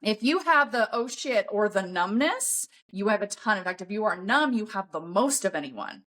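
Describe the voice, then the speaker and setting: A woman's voice: mid-range voice, animated, moderate pace, a bit bright. A woman talking bluntly and emphatically as a podcast guest, swearing often in a coaching tone. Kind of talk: casual podcast conversation.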